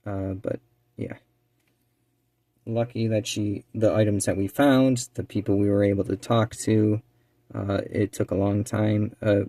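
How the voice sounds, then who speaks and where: An eBay reseller who co-hosts a channel chats in a relaxed, rambling way full of fillers while doing a small craft task. His voice is lowish and slips into a quiet near-whisper as he concentrates. There's no room sound.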